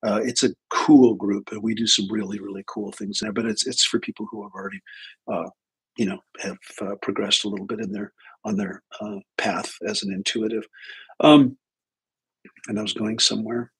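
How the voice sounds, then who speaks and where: A man's voice: lowish voice, fairly even intonation, normal speed, breathy edge, low-quality recording. A man hosting a livestream as a spiritual teacher, telling a story casually, often breaking off mid-sentence. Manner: rambling, self-interrupting, acts out dialogue.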